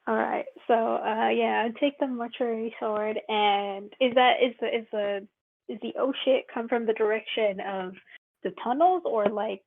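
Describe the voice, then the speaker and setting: A woman's voice: a little high, steady tone, gravelly. Woman player over a tinny line. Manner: halting, restarts, laughs easily. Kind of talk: casual tabletop play.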